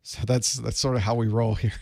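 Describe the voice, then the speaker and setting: A man's voice: medium pitch, creaky, warm tone, no room sound, studio quality. A man from the Southern United States with a Southern US accent, chatting casually with viewers before a live certification study session as its instructor and host. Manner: chatty and folksy, greeting viewers by place. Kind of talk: casual livestream pre-show chat.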